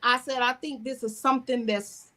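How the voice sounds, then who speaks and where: In a casual interview, a screenwriter and singer with a Southern American accent wanders through talk of her work, restarting sentences, adding asides and saying "you know" often. Her high voice stays steady at a normal speed, with a bright, forceful tone.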